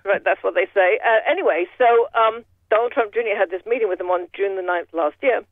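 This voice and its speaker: A man's voice: high voice, fast talker, dry recording. A man giving casual political commentary with a rambling, sardonic manner, full of restarts. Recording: tinny phone line.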